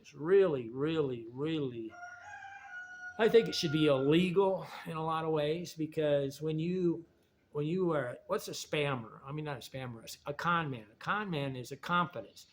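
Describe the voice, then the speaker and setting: A man's voice: fairly high pitch, normal speed, slight background noise. A man talking in a rambling, digressive monologue, often restarting his sentences. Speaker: video essayist.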